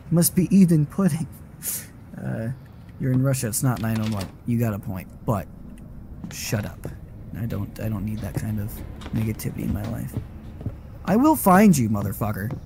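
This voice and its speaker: A man's voice: fairly high pitch, warm tone, a little hiss or hum. A man giving live horror game commentary, swearing and talking back at the game whenever it startles him. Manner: profane, jumpy, talks back at the game. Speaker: gaming streamer.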